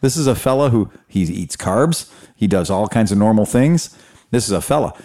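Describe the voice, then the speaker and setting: A man telling stories in a casual chat, animated, acting out quotes. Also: on the low side, normal speed. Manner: animated storyteller, acts out quotes, laughs often.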